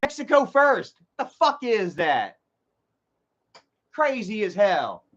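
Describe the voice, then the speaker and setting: A man with a very high voice delivers a heated, profanity-laced rant, rambling and restarting his sentences. The recording is muffled and lo-fi. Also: huge pitch swings, slow pace, fairly bright tone, slight background noise. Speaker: vlogger. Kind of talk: profane ranting monologue. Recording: dull lo-fi recording.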